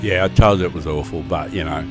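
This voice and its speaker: A man's voice: low voice, quick pace, over music. An older Australian man with a wheezy voice and false teeth, rambling and swearing casually through game commentary. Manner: rambling, profane, chatty. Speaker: game streamer.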